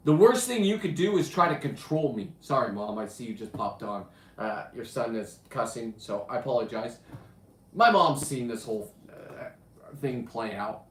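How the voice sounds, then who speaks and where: A very animated, medium-pitched man hosts a show at normal speed, with reverb and a little hiss or hum in the audio. Swinging from loud bursts to mutters, he tells profane, boastful diving stories in a brash, casual way.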